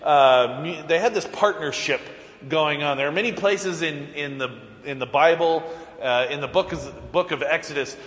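In an echoey church sanctuary, a pastor preaches a sermon, telling the story with animation, chuckling often and acting out the lines. His voice is on the high side, at a moderate pace.

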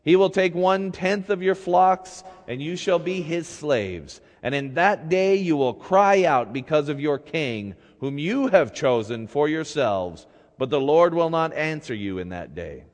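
A man's voice: on the high side, animated, measured pace. Man preaching in a long, echoing hall. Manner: reads scripture, then retells it in a casual, joking way. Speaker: pastor. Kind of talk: sermon.

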